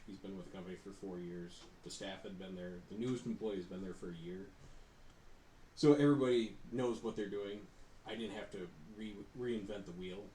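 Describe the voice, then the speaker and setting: A man co-hosting a podcast, telling stories in a casual, animated way. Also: fairly low pitch. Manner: animated storyteller, laughs while telling. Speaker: podcast co-host. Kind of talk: casual chat. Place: shared studio. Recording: roomy studio with faint noise.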